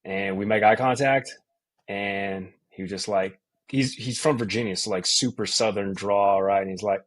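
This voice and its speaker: A man in his thirties from Colorado, a sports anchor telling a casual, animated story as a podcast guest, full of slang. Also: lowish voice, normal speed. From Colorado, USA.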